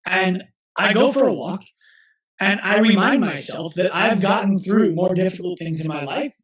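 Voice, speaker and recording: A man's voice: high-pitched, fairly bright tone. Earnest man telling stories, echoey room. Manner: earnest, storytelling with quick restarts. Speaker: guest, physical therapist and coach. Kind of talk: conversational interview.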